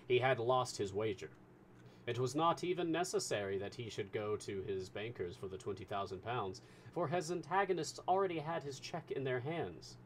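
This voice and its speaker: A man reading a classic novel aloud as a storyteller, with measured, expressive narration. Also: lowish voice, slight background noise.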